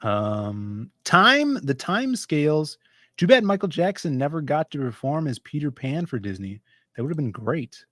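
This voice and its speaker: A man's voice: fairly high pitch, sing-song, unhurried, a bit bright, no echo, studio quality. Chatty man hosting a comics stream. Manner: chatty, jumps between topics. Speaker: host of a comics livestream. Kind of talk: casual livestream chat.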